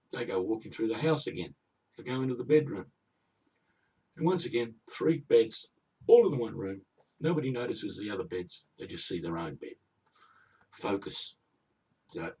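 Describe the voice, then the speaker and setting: A deep, husky man tells an old fairy tale as a comic rant, grumbling and indignant, wandering off into asides. He sits some way back from the microphone. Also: a little mellow, far from the mic. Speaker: comic storyteller.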